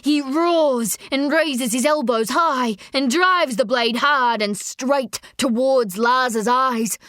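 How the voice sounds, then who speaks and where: A woman narrating a story in a measured, expressive audiobook reading. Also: on the high side, no echo, studio quality.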